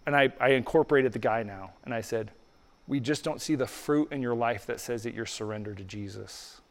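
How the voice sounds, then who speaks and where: A man preaching in a church hall, his voice carrying a long reverb tail. He talks in an easy, conversational way, acting out the lines of the people in his story. The pitch sits in a middle range for a man. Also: fairly quick. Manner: conversational storytelling, acts out dialogue. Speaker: pastor. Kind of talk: sermon with storytelling and prayer.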